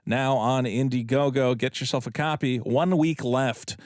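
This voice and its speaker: A man co-hosting a podcast, reading out super chats with quick, crude, jokey banter. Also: medium pitch, a little mellow, no room sound, clean studio sound. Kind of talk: casual podcast chat.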